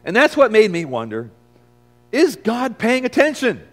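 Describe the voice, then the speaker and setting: A man preaching a dramatic first-person sermon as a weathered, shaken fisherman disciple, storytelling in swings from hushed to loud. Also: high voice, huge pitch swings, a little slow, soft background music, full character voice. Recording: long reverb of a large hall.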